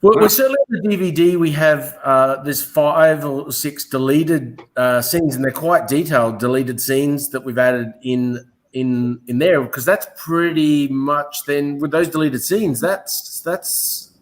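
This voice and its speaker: A man's voice: a little high, low-quality recording. A man, a filmmaker, talking things through with many halts and restarts. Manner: halting, restarts often, thinks aloud. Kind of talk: casual interview.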